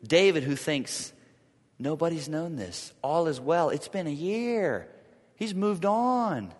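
A man preaching a sermon, reading scripture aloud and swinging from loud to hushed for drama. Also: high-pitched, expressive, a little slow, long reverb tail. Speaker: pastor.

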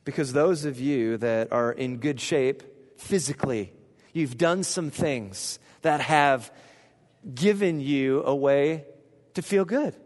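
A man preaching a sermon as pastor, animated, asking the congregation questions and swinging from hushed to loud. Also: mid-range voice, slow. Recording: long reverb of a large hall.

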